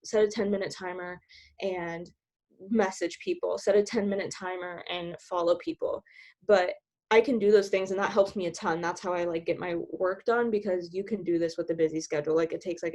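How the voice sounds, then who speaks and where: A woman giving casual coaching tips on a video call. She talks fast, laughs often and fills her speech with "like". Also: on the low side, a little mellow. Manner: bubbly, giggly, filler-heavy with many "like"s. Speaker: team trainer sharing sales tips.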